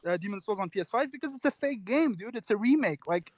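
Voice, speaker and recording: A man calling in to a show, talking in halting, stammering bursts and laughing at his own hot takes. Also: sits high, expressive, husky, no room sound, lo-fi sound. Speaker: caller. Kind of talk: casual call-in banter.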